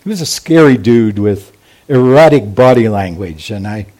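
A man as pastor, preaching a sermon slowly and deliberately with emphatic pauses. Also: lowish voice, lively intonation, a little mellow.

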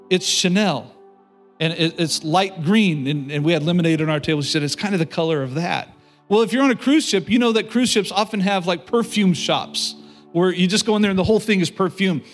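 A middle-aged man preaching a sermon, telling a personal story with animated delivery and speaking directly to his congregation. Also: fairly high pitch. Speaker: pastor.

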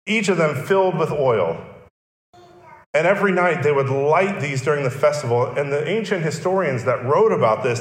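A male pastor preaching a sermon, explaining and repeating key phrases for emphasis. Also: mid-range voice. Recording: echoey church hall.

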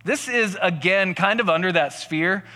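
A man's voice: high-pitched, normal speed, pushed and bright, in a large hall. A male pastor giving a casual sermon, telling personal stories in a conversational, self-deprecating way.

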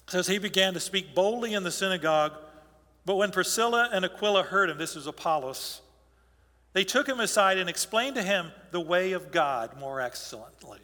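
Bright-voiced pastor preaching in a reverberant hall. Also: male voice, high-pitched. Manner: conversational storytelling, asides and restarts. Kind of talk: sermon.

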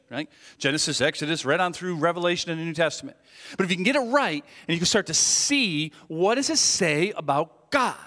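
A man in his forties preaches in a reverberant church hall, his voice bright and forceful. He talks in a chatty, animated way, full of quick restarts and self-deprecating humor. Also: a little high. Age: 40s. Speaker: pastor. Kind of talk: sermon with humorous stories. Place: church sanctuary.

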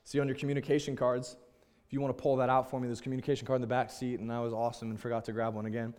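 A man's voice: medium pitch, level tone, very fast, a little mellow. A young man, a pastor, telling a personal story in a sermon, earnest and openly emotional in a candid, conversational way.

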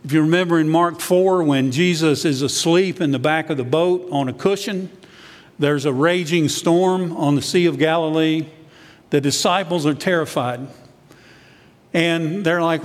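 A man's voice: on the high side, moderate pace, long reverb tail. A man, a church elder, preaching a sermon in a conversational way, sometimes acting out what the disciples said.

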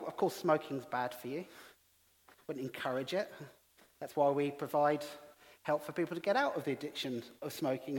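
A middle-aged English man preaching as a pastor, telling stories with self-deprecating humour. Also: fairly high pitch. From England. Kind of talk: sermon. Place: church hall. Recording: long reverb of a church hall.

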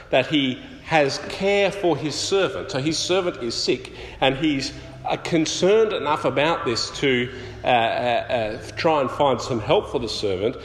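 A man delivers a sermon in an easy, conversational tone, often stopping on filler sounds as he explains. His voice sits at a middle pitch. It rings through a large reverberant hall over a faint room hum. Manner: conversational, many filler pauses. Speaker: preacher. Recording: echoey hall, faint ambience.

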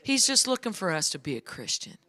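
A woman's voice: mid-range voice, sing-song, a little fast, sharp tone. A woman guest speaker preaching a sermon in a church, telling stories in an emphatic, conversational way. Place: church sanctuary.

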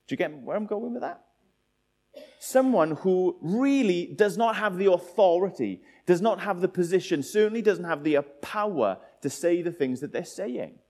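A man's voice: sits high, expressive, normal speed, a little mellow. A man preaching a sermon, asking the listeners many rhetorical questions.

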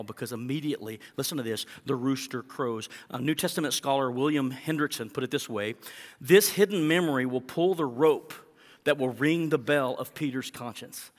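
A male pastor preaching a sermon, animated, acting out the quotes as he tells the story. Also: mid-range voice. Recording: long hall reverb.

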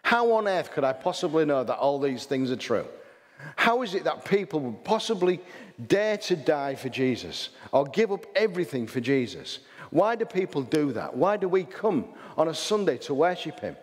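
A pastor with a Hull English accent preaches at normal speed, his slightly high voice very animated. The sermon is chatty, packed with rhetorical questions and restarts, and the recording carries a long hall reverb.

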